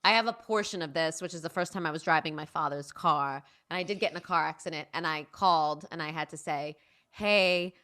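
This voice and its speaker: A woman's voice: sits low, fast talker, hardly any pauses. A woman, a stage performer chatting as an interview guest and acting out family voices as she tells stories. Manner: animated storyteller, acts out family voices. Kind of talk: casual interview chat.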